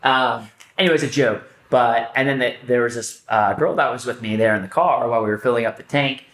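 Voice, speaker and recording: A man co-hosting a podcast, telling stories in casual chat, animated, swearing, often restarting his sentences. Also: medium pitch, brisk. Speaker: podcast co-host. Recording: roomy echo.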